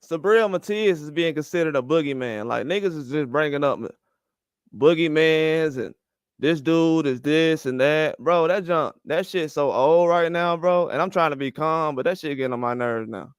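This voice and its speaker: An older man rants heatedly about boxing, swearing often and firing the same questions again and again. His voice sits high and sounds smooth and clear. The recording is dry, with no room sound. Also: moderate pace, no room sound. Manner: fired up, profane, repeats rhetorical questions. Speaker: boxing commentary host. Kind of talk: heated opinion rant.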